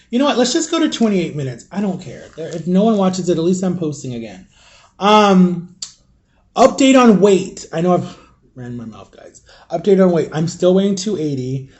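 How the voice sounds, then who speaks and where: This young man addresses his audience directly in a rambling, casual storytelling vlog, sharing confidences and leaning on lots of fillers. Though slightly higher than a typical male voice, his tone is soft and dark.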